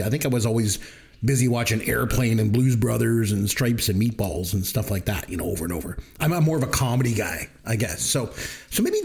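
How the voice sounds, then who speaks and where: A middle-aged Canadian man with a Canadian accent, hosting a casual podcast chat, jokey and chatty. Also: medium pitch. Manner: chatty, jokey, laughs often. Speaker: podcast host.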